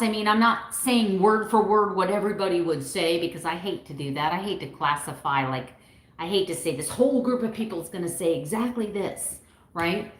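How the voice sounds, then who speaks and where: Animated woman vlogging in an echoey room. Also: mid-range voice. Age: 50s. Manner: animated, quotes others in varied put-on voices. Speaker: keto vlogger. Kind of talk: heartfelt personal vlog monologue.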